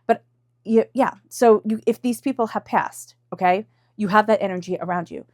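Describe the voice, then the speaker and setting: A woman's voice: medium pitch, moderate pace, darkish tone, no echo, studio quality. A woman giving an intuitive tarot reading in a chatty, emotional way, full of fillers and asides. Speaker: tarot reader.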